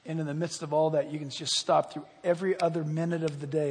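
An older man preaching a sermon with fervor, rising loud on key points and dropping quiet. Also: on the high side, level tone, quick pace, hardly any pauses, background noise. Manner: fervent, swells loud on key points then drops quiet. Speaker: pastor. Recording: long hall reverb.

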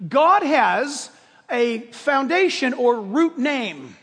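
A male pastor with a strikingly high voice preaches with passion and emphasis, often pushing up into shouts. His voice rings through a church with a long, echoing reverb trail. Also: very animated, slow pace, husky. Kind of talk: sermon. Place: church sanctuary with congregation.

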